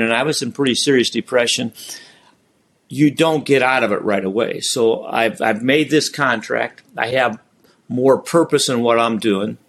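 Middle-aged man, earnest, reflective guest storyteller, halting phrasing, medium pitch. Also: a bit bright. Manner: earnest, halting, recounts prayers aloud. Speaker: guest, ministry founder.

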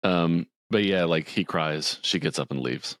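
Deep-voiced man recapping a movie. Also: measured pace, a bit bright, dry recording. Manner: retells scenes, acting out quotes in a higher voice. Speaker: podcast co-host. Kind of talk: casual movie recap chat.

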